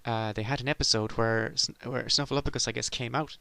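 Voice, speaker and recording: A man's voice: medium pitch, steady tone, fairly quick, vocal fry, bright, forceful tone, dry recording. A middle-aged man from Ireland delivering a sardonic, rambling comic monologue as a podcast host.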